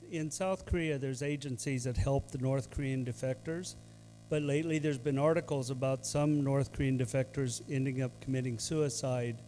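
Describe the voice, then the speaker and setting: Polite guy in the audience asking a question, warm mellow voice, faint music behind. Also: medium pitch, rough recording. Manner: polite, careful. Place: university auditorium.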